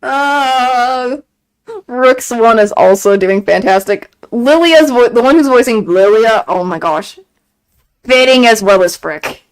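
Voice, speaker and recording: Woman streamer, casual stream chatter, gushing and repetitive, voice sits a bit high. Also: takes it slowly, clean tone, rough recording. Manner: excited gushing fan talk, frequent laughs and repeated phrases. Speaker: game streamer. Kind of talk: casual chat on a live stream.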